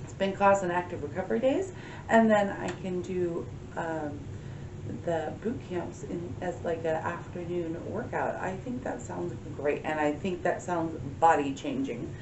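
Brief: young woman vlogger, chatty and upbeat, lowish voice, recorded a bit far off in an echoey room. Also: measured pace, slight background noise. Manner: chatty, upbeat, many ums and little laughs. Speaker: fitness vlogger. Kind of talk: casual weekly check-in. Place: at work in an office.

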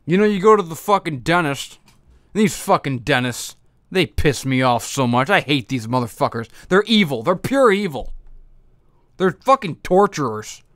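A man's voice: fairly high pitch, sing-song, normal speed, a bit bright, no echo, clean studio sound. A man hosting a podcast, ranting angrily and profanely with half his face numb after dental work. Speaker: podcast host. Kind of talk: angry comedic rant.

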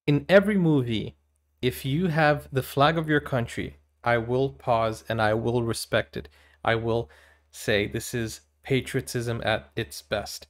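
A man from Brazil, hosting casual movie reaction commentary, chatty and giggly, with animated exclamations. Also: medium pitch, unhurried.

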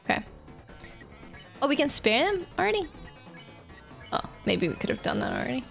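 A woman's voice: sits high, wildly swooping pitch, brisk, creaky. A young woman streamer giving playful, casual commentary on a game and chatting with her viewers. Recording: faint game music behind.

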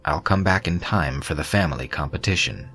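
A man's voice: a bass voice, fairly quick, fairly bright tone, soft background music. A man doing an earnest young swordsman. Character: young male martial artist, eager son.

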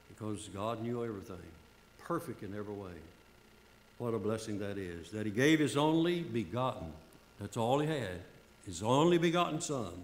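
Older preacher in an echoey church. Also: male voice, medium pitch. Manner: fervent, repeats phrases for emphasis. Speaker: pastor. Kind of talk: sermon. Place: church sanctuary.

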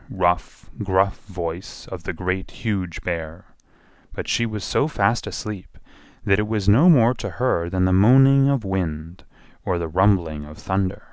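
Expressive low-voiced man reading a storybook. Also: smooth, no room sound, clean studio sound. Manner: expressive, slowing for repeated phrases. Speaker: narrator.

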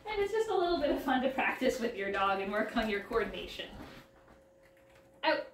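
A woman's voice: on the high side, sing-song, fast, a little hiss or hum. A woman showing her dogs' tricks at home, explaining casually between short, upbeat commands to the dog. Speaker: dog trainer and vlogger. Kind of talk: casual demonstration. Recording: roomy sound, mic at a distance, faint ambience.

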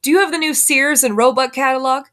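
A woman reading the part of a worried farmer father in a hurry, talking in a rushed, anxious way. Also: sits high, fairly bright tone, voice pushed up.

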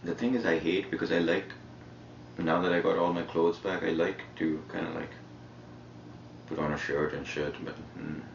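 A man with an Indian English accent talks in a very deep, gravelly voice, rambling along in a relaxed, profane way. He is picked up by a fixed camera mic in a shared house. The sound is muffled and roomy, with clear noise underneath. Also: moderate pace. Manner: laid-back, profane, rambling. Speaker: reality show contestant. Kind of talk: casual chat.

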